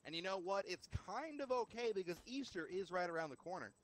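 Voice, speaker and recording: A man's voice: high voice, animated, fairly quick, fairly bright tone. A man casting a live game stream, joking and bantering between calls. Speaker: esports caster.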